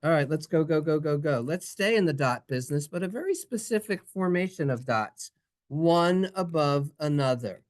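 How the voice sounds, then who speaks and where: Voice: mid-range voice, expressive, normal speed. A Hebrew teacher leading a playful, sing-song classroom reading lesson and acting out the letter sounds. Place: synagogue classroom.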